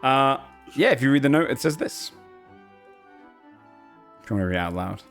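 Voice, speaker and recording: Acting as game master for a tabletop game, a man narrates casually and fills his speech with lots of fillers. His medium-pitched voice is expressive and a bit bright, at a moderate pace, with faint music in the background.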